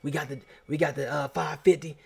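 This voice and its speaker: A man's voice: fairly high pitch, steady tone, fairly quick, gravelly, darkish tone, breathy edge, heavily acted. A man putting on the voice of his laid-back uncle, who drawls slang and keeps saying "man" and "nephew.". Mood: hyped. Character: laid-back middle-aged uncle, easygoing and generous.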